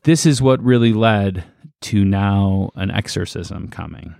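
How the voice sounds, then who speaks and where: A man co-hosting a casual podcast chat, relaxed and halting as he reads from his notes. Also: on the low side, vocal fry, no room sound, studio quality. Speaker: podcast co-host.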